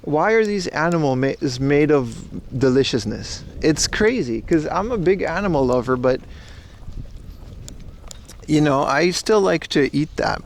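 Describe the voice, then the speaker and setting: A man's voice: fairly high pitch, expressive, a little slow, creaky, a little hiss or hum. Chummy Dutch man rambling to his stream. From Netherlands. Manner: rambling, chummy, addressing chat as bro. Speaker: livestreamer. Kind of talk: casual IRL livestream chat. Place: walking outdoors and through a supermarket.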